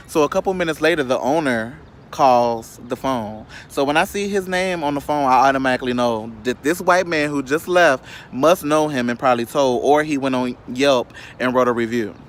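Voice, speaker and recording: A man's voice: fairly high pitch, a little hiss or hum. Sassy man ranting a storytime. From Chicago, South Side. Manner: sassy, animated, profane, quick asides to viewers. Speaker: vlogger. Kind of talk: casual storytime rant.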